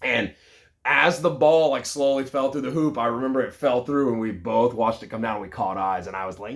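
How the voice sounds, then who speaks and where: A man in his thirties with a mid-range voice tells a personal story in a relaxed, conversational way. His delivery is lively and full of casual fillers, like a sales leader talking to his team. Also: mid-range voice, a little fast.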